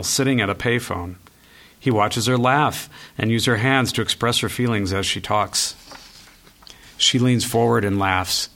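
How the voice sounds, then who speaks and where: Man reading stage directions in a low voice. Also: fairly bright tone.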